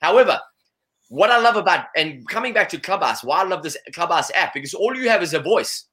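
Guy guesting on an interview, talks super quick and bright, lots of "you know"s, kinda high voice. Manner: animated, full of "you know" fillers. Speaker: guest, salesperson. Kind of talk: conversational interview.

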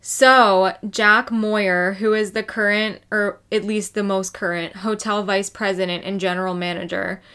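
A woman co-hosts a relaxed true crime podcast. She tells the story loosely, swears freely and keeps a conversational tone. Her pitch sits at an ordinary middle level. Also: measured pace, few pauses, clear, resonant tone.

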